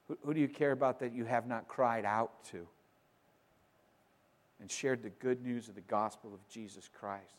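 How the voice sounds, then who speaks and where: A man preaching a sermon, emphatic, moving between loud declarations and quiet, conversational asides. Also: mid-range voice, steady tone, normal speed, pauses often. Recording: long reverb of a large hall.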